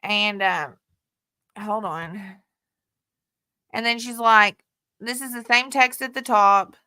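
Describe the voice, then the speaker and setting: A woman vlogger with a mid-range, bright, forceful yet smooth voice speaks slowly to camera. Frustrated and heated, she swears often while walking through and reading out text messages in a casual talk.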